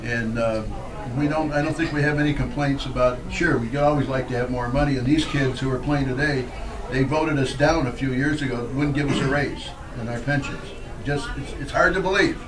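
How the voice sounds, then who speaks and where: An older man, a former pitcher, telling rambling baseball anecdotes at a live question-and-answer event, speaking into a handheld mic with fillers and restarts. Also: fairly quick, distant mic, a crowd in the background. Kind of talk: storytelling at a live Q&A.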